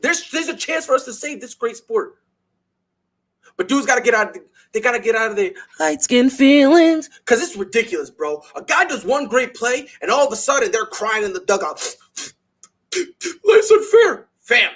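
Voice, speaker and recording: Young man, sports talk host, lively high voice, slangy and emphatic monologue. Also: slightly rough. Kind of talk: animated sports opinion monologue.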